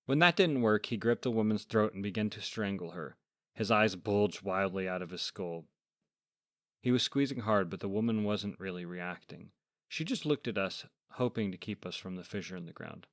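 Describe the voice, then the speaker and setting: A man narrating a first-person horror fable in a measured, deadpan, scripted way as host of a story podcast. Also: fairly low pitch, no room sound, clean studio sound.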